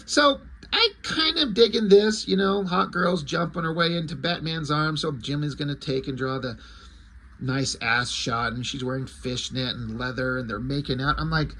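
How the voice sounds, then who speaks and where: A man reviewing a comic book in a casual recap, crude, excitable and sarcastic. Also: fairly high pitch, moderate pace.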